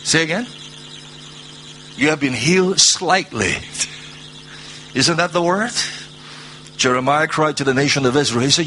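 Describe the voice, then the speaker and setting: Man, preacher, sermon, bright voice, slow scripture reading, soaring drawn-out lines, faint ambience. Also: slight background noise. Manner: rises to high, drawn-out proclaiming.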